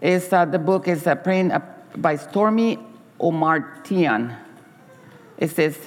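This middle-aged woman preaches in a low-pitched voice, with a long reverb tail trailing her words. She stumbles through her sermon stories, repeating words and imitating the voices of the characters.

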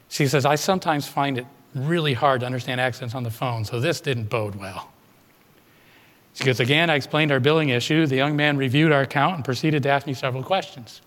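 A man's voice: medium pitch, a bit bright. A man preaching a sermon, retelling a congregant's story and putting questions to his listeners. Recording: long hall reverb.

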